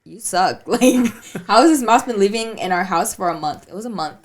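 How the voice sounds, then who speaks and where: Animated woman telling stories. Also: brisk. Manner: animated storyteller, acts out quotes with high shrieks and laughter. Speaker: podcast co-host. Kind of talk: casual chat between friends.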